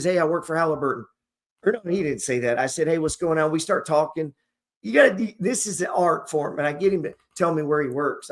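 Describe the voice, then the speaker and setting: A man hosting an investing channel, talking casually and motivationally to camera in a rambling, profane, slangy storytelling way. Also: fairly high pitch.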